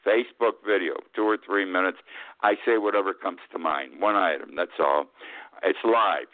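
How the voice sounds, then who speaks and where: A man's voice: deep voice, moderate pace, no echo. An older man hosting a talk radio show, giving a rambling, folksy, opinionated monologue full of restarts. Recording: tinny phone-like radio line.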